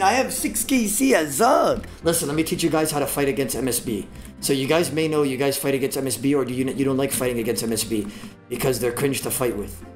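A male streamer gives live play-by-play of his fights, brash and trash-talking, swearing freely and now and then breaking into yells. His voice sits a bit high and swings through a very lively pitch, and faint music runs underneath. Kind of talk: live gameplay commentary.

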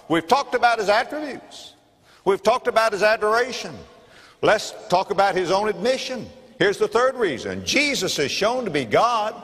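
A Florida pastor with a Southern American accent preaches an emphatic sermon in a church sanctuary, repeating key phrases for weight. His voice is high-pitched, somewhat bright and slightly rough, and the hall around him is reverberant.

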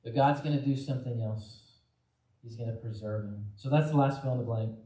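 Mellow-voiced pastor in echoey church. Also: male voice, medium pitch, a little fast. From Texas. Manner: conversational, acts out voices of Bible figures. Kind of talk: sermon. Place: church sanctuary. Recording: echoey church hall from off mic.

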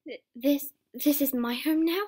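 A woman's voice: sits high, unhurried, a little mellow. A young woman voicing a shy young female horse who stammers and hesitates. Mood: timid. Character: timid young mare, nervous and stammering.

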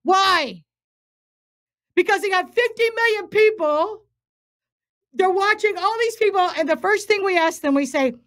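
A woman's voice: extremely high pitch, animated, measured pace, fairly bright tone. A woman minister and faith coach preaching on a livestream, emphatic and urgent, repeating phrases for stress.

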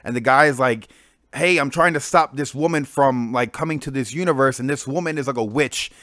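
A young man hosting casual comic book reviews, excited and slangy, full of fillers. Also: medium pitch, a little fast, dry recording, studio quality. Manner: excited, slangy, lots of "like" and "freaking".

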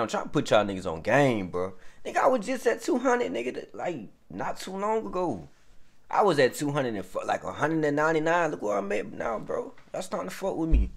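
Brief: male reaction host, just up, loose and profane, lively animated delivery. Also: mid-range voice. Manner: rambling, profane, talks straight to viewers. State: just woken up. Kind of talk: casual reaction commentary.

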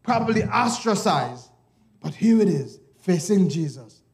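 A man preaching a sermon, emphatic, repeatedly urging "listen", swinging from hushed asides to shouted lines. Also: high voice, animated, unhurried. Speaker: pastor. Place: church service.

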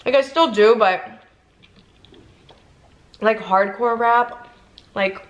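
Young woman vlogger from Ohio, chatty and rambling, mid-pitched, recorded in an echoey car. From Ohio, USA. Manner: chatty, rambling with many fillers. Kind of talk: casual mukbang chat. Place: inside a car.

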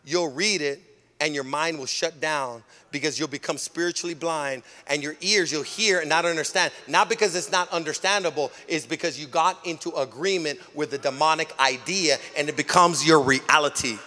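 A male senior pastor preaching a sermon in a church, emphatic and repetitive, often rising to a shout. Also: on the high side, moderate pace. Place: church sanctuary.

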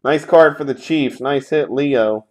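A man hosting a sports card break talks at a slow, unhurried pace in a mid-range voice. He calls out each pull with sarcastic, grumbling remarks and plenty of swearing. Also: medium pitch, darkish tone. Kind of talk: live card break commentary.

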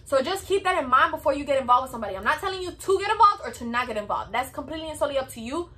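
Peppy high-voiced woman with a Hispanic accent. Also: lively intonation, rapid-fire, bright, forceful tone. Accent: Hispanic American English. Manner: chatty, repetitive, peppy. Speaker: vlogger giving work advice. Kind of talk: casual advice vlog.

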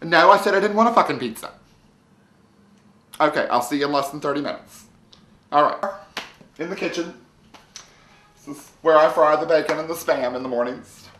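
A performer playing Mary, a distraught, whiny trailer-park wife who leaps into high wails and complains crudely in a comic home-tour monologue. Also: normal speed, pauses often, a bit bright, close to an everyday voice. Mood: whiny, aggrieved. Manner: melodramatic, wailing pitch leaps, self-pitying, crude. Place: indoors at home, house tour. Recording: echoey room.

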